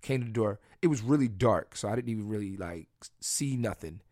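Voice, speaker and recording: A man's voice: fairly low pitch, lively intonation, brisk, darkish tone, no room sound, studio quality. Crude, joking man telling stories. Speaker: podcast host. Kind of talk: casual solo storytelling.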